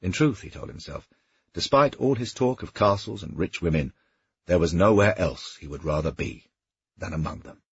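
Deep husky male audiobook narrator. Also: moderate pace, no echo, highs cut off. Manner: steady storytelling. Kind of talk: scripted narration.

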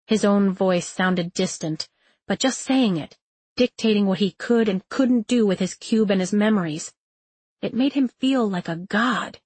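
A woman reading a novel aloud in a measured, expressive storytelling manner. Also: mid-range voice, slightly rough, no echo. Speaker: audiobook narrator. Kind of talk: scripted narration.

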